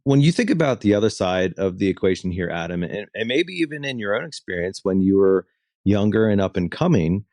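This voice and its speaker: A man's voice: fairly low pitch, big pitch swings, brisk, a little mellow, no room sound. A man hosting an interview podcast, explaining ideas at length and asking long questions. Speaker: podcast host.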